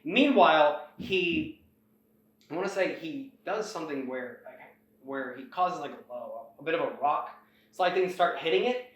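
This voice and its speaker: With a voice a little on the high side and a moderate pace, this male host rambles through a plot recap, animatedly playing out what the characters say. There's slight background noise, plenty of echo, and distance from the mic.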